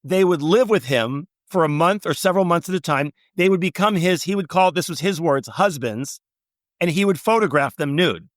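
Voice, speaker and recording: Higher-voiced man telling lively anecdotes. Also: moderate pace, no room sound. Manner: animated anecdotal storytelling with quoted voices. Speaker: travel writer guest. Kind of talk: storytelling interview.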